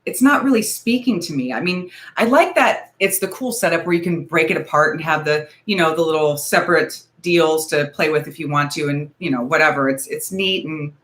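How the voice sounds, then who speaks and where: Woman in her forties, lowish voice, nervous and rambling, casual livestream chat. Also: fairly quick, hardly any pauses, a bit bright. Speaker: beauty livestream host. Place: home, ring light.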